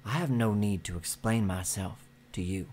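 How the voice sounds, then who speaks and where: A man voicing a gruff middle-aged male Texas Ranger in a tabletop western game, talking in a clipped drawl. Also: lowish voice, moderate pace, a little mellow, a little hiss or hum, natural voice. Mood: terse.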